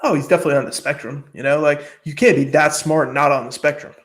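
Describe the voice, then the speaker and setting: Rambling, swearing man, slightly high voice. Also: fairly even intonation, quick pace, fairly bright tone. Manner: rambling, swears often, many fillers. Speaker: podcast host. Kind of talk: casual chat.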